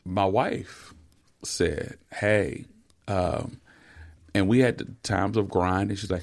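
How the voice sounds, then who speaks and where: A middle-aged man with a low, gravelly voice talks earnestly as a podcast co-host and pastor. He is encouraging and warm toward his listeners, and he stumbles over repeated words as each thought gets going. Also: slow pace. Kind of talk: casual pastoral conversation.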